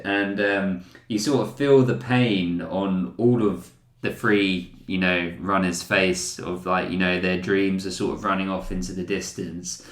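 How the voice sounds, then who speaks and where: A male podcast host, excitable and jokey, in casual chat. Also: on the low side, echoey room.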